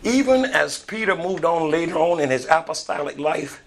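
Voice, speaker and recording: A man preaching a lively sermon. He retells scripture with call and response, swinging between loud shouts and hushed, quiet storytelling. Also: on the high side, normal speed, creaky.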